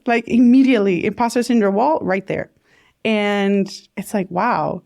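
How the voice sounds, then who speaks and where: A woman talks as a podcast guest, her voice sitting a little high. She rambles thoughtfully through her points, dotted with fillers and light laughter. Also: normal speed, a little mellow. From Puerto Rico. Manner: chatty and reflective, laughs often, many fillers. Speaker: podcast guest, bilingual content creator. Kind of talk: casual interview chat.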